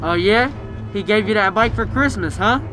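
A young man voicing a hot-tempered male street tough who curses and threatens loudly in a game skit. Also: sits high, moderate pace, over music, voice pushed down, natural voice. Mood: menacing. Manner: cursing, threatening, loud.

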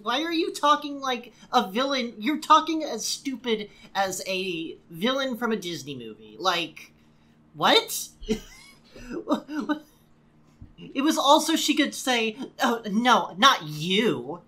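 A woman co-hosts a casual podcast, talking through a TV episode with friends. Her voice is bright and her pitch swoops up and down as she lands sarcastic asides. She talks loosely, packing her sentences with "like.". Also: slow pace. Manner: animated and sarcastic, with many "like"s. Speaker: podcast co-host. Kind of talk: casual chat recapping a TV episode.

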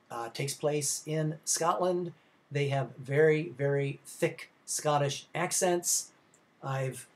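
A man teaching a film history class, talking casually and rambling with many fillers and restarts. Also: medium pitch. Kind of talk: recorded class lecture.

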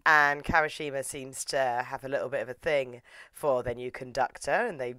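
A woman reviewer recapping in a relaxed, chatty way, with sarcastic asides and lively swings in pitch. Her voice is recorded close and dry. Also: normal speed, dry recording. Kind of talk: casual recap commentary.

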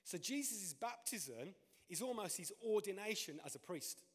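A man preaching a sermon as pastor, animated, his voice climbing and dropping in pitch and loudness. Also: moderate pace, breathy edge. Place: church. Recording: long reverb of a church hall.

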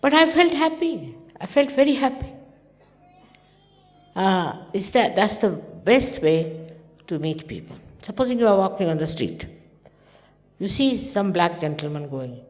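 A woman's voice: mid-range voice, big pitch swings, measured pace, pauses often, soft background music. Older Indian woman teaching in a hall. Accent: Indian English. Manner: conversational, anecdotal, acting out quoted dialogue. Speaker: spiritual teacher. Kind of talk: informal spiritual talk. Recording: long hall reverb.

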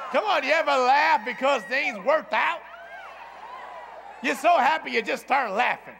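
Man, pastor, sermon, very high voice, gravelly, shouting refrains, live church crowd. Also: moderate pace, a little hiss or hum. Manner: shouting, laughing preaching with repeated refrains. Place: church before a congregation.

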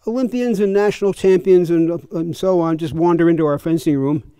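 A man's voice: fairly high pitch, fairly even intonation, a little fast, dark tone, clear, resonant tone, no echo, clean studio sound. An older man and fencing coach, telling chatty, chuckling anecdotes at a clinic. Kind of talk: casual anecdotal storytelling.

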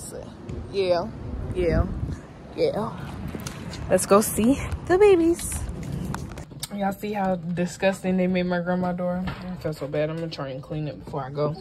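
A young woman vlogging casually to her viewers, chatty and slangy, calling them y'all and switching to high coaxing talk with her dogs. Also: background noise. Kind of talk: casual vlog chat to viewers. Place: home and car, partly outdoors.

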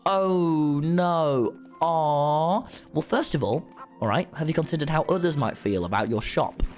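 A man streaming a video game, excitable and mock-outraged in turns, cursing freely and bantering dryly with his chat. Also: on the high side, unhurried, soft background music. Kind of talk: casual gaming livestream.

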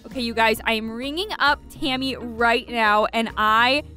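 A young woman hosting a gaming channel, narrating a game role-play in a chatty, excitable way and talking to her viewers. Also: a little high, normal speed, faint music behind.

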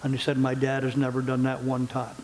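A man's voice: medium pitch, monotone, a little fast, a little mellow, rough recording. An older man, pastor emeritus, giving an earnest, conversational sermon and closing prayer, repeating phrases for emphasis. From United States. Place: church sanctuary.

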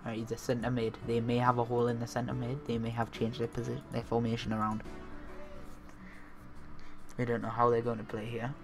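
A young man, from north-east England, hosting a let's-play of a football management game and swinging between muttering and excited outbursts. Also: medium pitch, a little fast, pauses often, music in the background. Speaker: gaming video host.

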